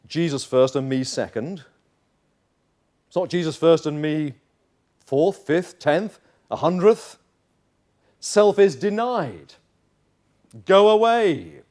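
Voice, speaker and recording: A man's voice: medium pitch, a little mellow. A male pastor preaching a sermon in church, emphatic and acting out little dialogues.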